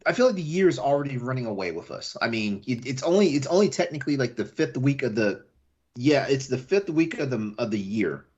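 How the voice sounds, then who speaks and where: A man's voice: medium pitch, animated, brisk, darkish tone, husky, lo-fi sound. A man hosting a casual late-night podcast, rambling and repeating his words, and laughing often. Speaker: podcast host.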